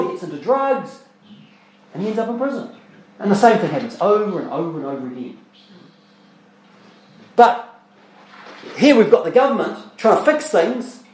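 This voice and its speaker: Echoey male preacher asking rhetorical questions. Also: sits high. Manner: conversational preaching with rhetorical questions and repeated words; reads scripture aloud in old-style English. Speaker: pastor. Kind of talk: sermon. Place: church.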